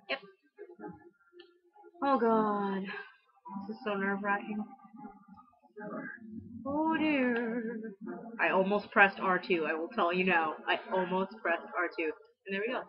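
A woman's voice: mid-range voice, takes it slowly, pauses often. A young woman livestreaming a game, chatting nervously, talking to her character and asking viewers which way to go. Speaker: livestreaming gamer. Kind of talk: live game commentary. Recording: dull lo-fi stream audio.

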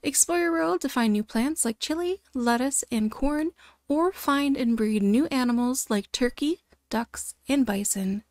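A bubbly woman hosting a gaming video, talking through her game with eager delight. Her voice sits fairly high, and the close, dry recording has almost no room sound. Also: measured pace, a little mellow, no room sound. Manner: bubbly, gasping with delight, chatty. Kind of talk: excited gameplay commentary.

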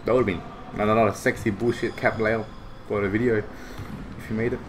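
A young man giving excitable, foul-mouthed reaction commentary. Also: lowish voice, fairly quick, noisy background. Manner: excitable, swears a lot, bursts of shouting. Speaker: vlogger reacting to basketball footage.

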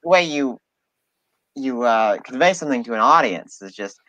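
A man's voice: medium pitch, lively intonation, moderate pace, bright, forceful tone, no room sound, lo-fi sound. A man hosting a casual interview, asking questions and encouraging his guest. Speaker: interview host.

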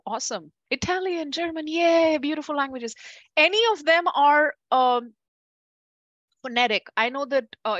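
A woman teaching a class, chatty and lively, calling on students by name and laughing easily. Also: high voice, dry recording, muffled recording. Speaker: Ayurveda teacher. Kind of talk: classroom lecture with questions to students.

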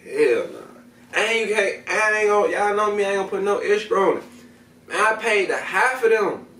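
A man's voice: high voice, expressive, normal speed, pushed and bright, recorded from a distance, slight background noise. Profane rambling man in an echoey room. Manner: rambling, profane, talks straight to viewers. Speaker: video host reviewing smoking products. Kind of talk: casual slang-heavy vlog chat.

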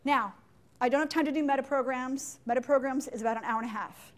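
Woman workshop trainer, high voice, playful chatty teaching style, meeting room. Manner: playful, chatty, quick asides and acted-out examples. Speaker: leadership and sales trainer. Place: meeting room with window blinds.

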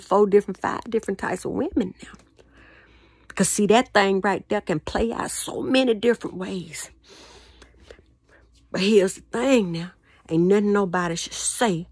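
A woman's voice: mid-range voice, darkish tone, slightly rough, dry recording, clean studio sound. A woman giving a rambling spoken monologue, repeating words and asking questions, often dropping to a whisper. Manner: repetitive, questioning, drops to whispers. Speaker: vlogger.

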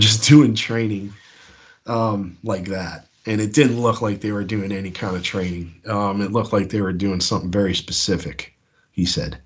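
Caller, East Coast man, husky and lowish, rambling casual storyteller. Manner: rambling, with many fillers and restarts. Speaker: caller sharing encounters. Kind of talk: casual storytelling on a call-in show.

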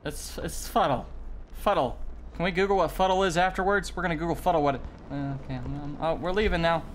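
A man playing a horror game on video, joking, swearing and reacting loudly to scares. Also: a little high, steady tone, a little slow, pauses often, slight background noise. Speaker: gaming video host. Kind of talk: horror game let's play commentary. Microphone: desk mic with facecam.

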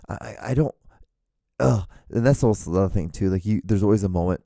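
A man rants alone on his podcast in a mellow, warm voice, with blunt, profane asides and a rambling flow. His voice is starting to wear thin. The sound is close and dry. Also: on the low side, fast talker, gravelly, no echo. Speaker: podcast host. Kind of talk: solo podcast rant.

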